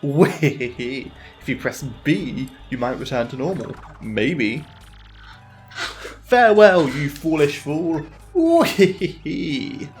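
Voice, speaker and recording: A man's voice: on the high side, very animated, slow, few pauses, a little mellow, faint music behind, exaggerated voice. Gleeful spiteful box demon, put on by a man reading game text; theatrical gloating. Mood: mocking. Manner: theatrical, gloating, squealing "whee". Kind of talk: reading game dialogue aloud in voices.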